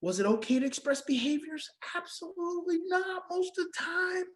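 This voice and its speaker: A woman's voice: very high-pitched, lively intonation, moderate pace, poor audio. A woman giving a teaching talk on parenting adopted children, emphatic and repeating her key phrases, now and then acting out everyday reactions. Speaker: conference speaker on adoption parenting.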